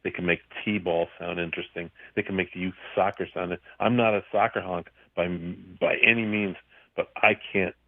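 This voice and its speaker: Philly guy calling in, super low flat voice, tinny dry phone line, ranting. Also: no room sound. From Philadelphia area. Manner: emphatic, repetitive ranting. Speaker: caller. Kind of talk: ranting call-in.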